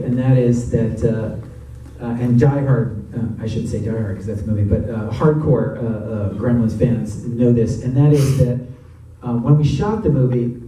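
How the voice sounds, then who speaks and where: A man answering audience questions after a screening, telling stories in a chatty, animated way and laughing often. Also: mid-range voice, a little hiss or hum. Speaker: actor and guest of a Q&A. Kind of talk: audience Q&A storytelling. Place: cinema auditorium. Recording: echoey cinema from far off.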